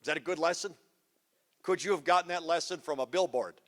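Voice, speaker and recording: A man's voice: on the high side, brisk. A man giving a punchy, teasing workshop talk to a live audience of parents, quizzing them as he goes. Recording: live hall with long reverb.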